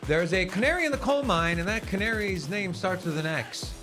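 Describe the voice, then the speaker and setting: A man's voice: sits high, a little fast, music in the background. Teasing man co-hosting a livestream. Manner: teasing, deadpan jokes. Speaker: co-host. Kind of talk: casual livestream chat.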